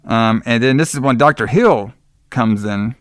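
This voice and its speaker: A man's voice: mid-range voice, unhurried, a bit bright, dry recording, clean studio sound. A man casually recapping a horror movie as podcast co-host, rambling, swearing and laughing often.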